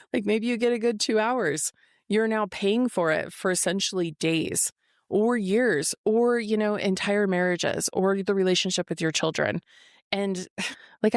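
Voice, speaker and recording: A woman's voice: medium pitch, no room sound, studio quality. A woman in her forties hosting her own podcast, talking frankly and confessionally, swearing freely. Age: 40s. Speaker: podcast host. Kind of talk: candid solo podcast monologue. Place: office.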